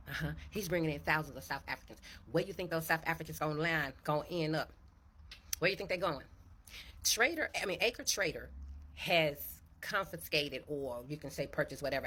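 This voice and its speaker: A woman talks straight to her viewers, leaning on knowing rhetorical questions. Her voice sits low for a woman but sounds bright. It also has a raspy edge. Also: a little fast. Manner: chatty, addresses viewers with y'all, asks knowing rhetorical questions. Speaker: social media commentator. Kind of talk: conspiratorial storytelling to camera.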